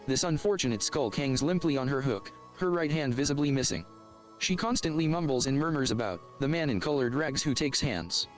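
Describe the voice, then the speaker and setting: A man reading tabletop adventure text aloud at a steady, even pace. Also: medium pitch.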